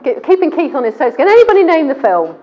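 Woman preacher, fairly high, conversational sermon, muffled lo-fi church recording. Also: very animated, fast talker. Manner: conversational, quizzing the congregation.

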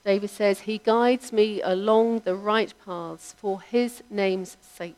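Woman giving a sermon, slow and thoughtful, lets her sentence ends fade away. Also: medium pitch, steady tone. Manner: measured, reflective delivery with softly trailing line ends. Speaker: preacher.

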